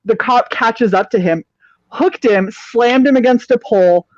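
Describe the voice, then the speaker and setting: High-voiced woman telling a profane story. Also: unhurried, no echo, muffled recording. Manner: profane, animated storyteller who acts out the people in her story. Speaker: co-host of a live stream. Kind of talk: casual storytelling chat.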